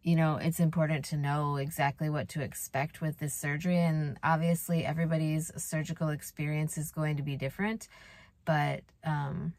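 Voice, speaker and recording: Young woman vlogger, low voice, worried and rambling, close dry sound. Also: little pitch movement, normal speed, a little mellow, no room sound. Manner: worried, rambling, many fillers and restarts. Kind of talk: casual confessional vlog.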